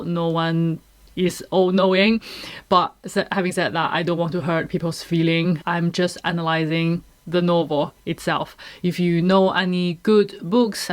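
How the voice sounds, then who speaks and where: A woman's voice: on the low side, clear, resonant tone. Thoughtful woman talking through a novel. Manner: thoughtful, explanatory, with careful disclaimers. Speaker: book reviewer. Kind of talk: casual book discussion.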